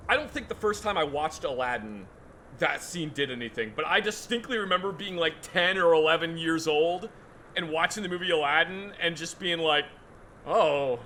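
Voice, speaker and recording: A man's voice: on the high side, brisk, bright, forceful tone, a little hiss or hum. A man co-hosting a gaming video, chatting casually in a rambling, self-amused way with plenty of fillers. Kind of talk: casual chat while gaming.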